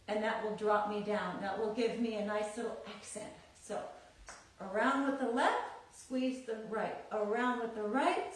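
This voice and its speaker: A woman leads a dance class, calling out counts in a sing-song rhythm and coaching in a chatty, encouraging way. Her voice sits a little high and is heard from a distance in a very echoey room. Faint music plays behind her. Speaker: belly dance teacher. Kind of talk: live online dance class instruction. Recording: very echoey room, voice far from the mic.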